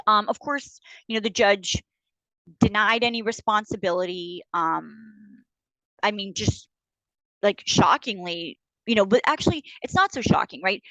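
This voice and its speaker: A woman's voice: mid-range voice, a little slow, fairly bright tone, dry recording, low-quality recording. A middle-aged woman, a paralegal guest on a podcast, talking bluntly and indignantly in casual interview style with many fillers.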